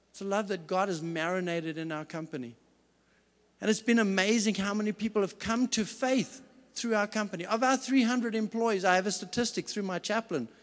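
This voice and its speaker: A man's voice: sits high, a bit bright. A man speaking as a company CEO at a business event, telling earnest, emphatic stories in a faith-based talk. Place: large event hall. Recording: reverberant hall sound.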